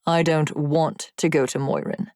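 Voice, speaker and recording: A woman narrator voicing a cold, mocking young male demon warrior in an audiobook, speaking slowly and in a hushed, smirking tone. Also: fairly even intonation, dry recording, clean studio sound. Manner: slow, smirking, low and hushed. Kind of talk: audiobook character voice.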